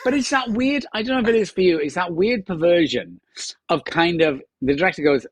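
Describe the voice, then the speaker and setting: A man in his fifties talks shop as a guest on a podcast, with a slightly high-set voice. He tells stories with relish and slips into the voices of directors and crew. The sound is dry and close, with no room around it. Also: brisk, slightly rough, dry recording. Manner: animated storyteller acting out quotes. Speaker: actor guest. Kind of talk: casual podcast chat.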